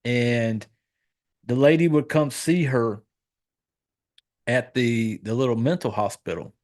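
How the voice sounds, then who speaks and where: A man's voice: mid-range voice, takes it slowly, a little mellow. A man hosting a horror podcast, recapping a movie in a loose, rambling way, swearing freely and correcting himself as he goes. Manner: loose, profane, rambling with fillers and self-corrections. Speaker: podcast host.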